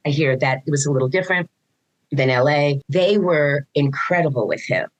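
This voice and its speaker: Low-voiced woman telling stories animatedly. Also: moderate pace, dull audio. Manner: animated storytelling, acts out quoted dialogue, frequent restarts. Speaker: guest, mother of a neurodivergent son. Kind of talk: casual conversational interview.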